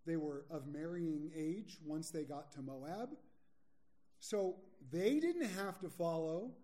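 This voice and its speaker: A male pastor delivers a sermon in a mellow, fairly high voice. He is candid and self-mocking, joking with the congregation, then slows right down to stress his points. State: a little sleepy.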